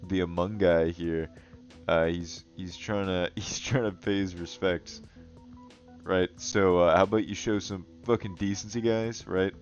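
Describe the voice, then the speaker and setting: His low voice stays fairly even and moves a little slowly as he sketches and tosses off profane, comedic remarks to viewers. The self-proclaimed Goblin King, a digital artist and video host, laughs frequently over faint music in a dull lo-fi recording.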